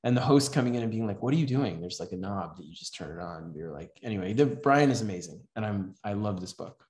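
A man's voice: deep voice, animated, quick pace, darkish tone. A man teaching a comics writing class in a casual, rambling way, with many fillers, reading comic dialogue aloud. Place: house event room. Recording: roomy echo.

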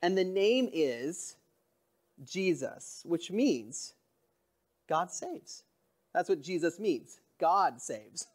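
A man preaching a sermon in a church, talking in an earnest, conversational way that often drops to a soft, quiet voice. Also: on the high side, very animated, extremely slow, long pauses. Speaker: pastor.

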